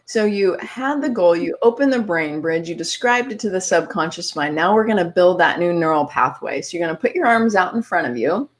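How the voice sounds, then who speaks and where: A woman hosting a podcast, calmly guiding listeners step by step through a visualization exercise. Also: on the low side, a little fast, few pauses. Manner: calm, step-by-step coaching with light laughs. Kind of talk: guided visualization instructions.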